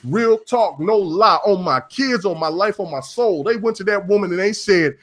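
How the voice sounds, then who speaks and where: A man from Oklahoma hosting a gaming podcast, telling stories in a rambling, animated way with plenty of swearing. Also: high-pitched, normal speed, hardly any pauses. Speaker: podcast host. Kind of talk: casual chat.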